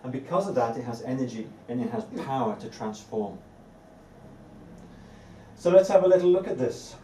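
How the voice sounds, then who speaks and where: A man's voice: medium pitch, animated, moderate pace, warm tone, recorded from a distance. A man giving a live evening talk to a group as a spiritual teacher, earnest and given to repeating words for emphasis, with light laughs now and then. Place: indoor room with a live audience. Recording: echoey room, voice off-mic, faint ambient noise.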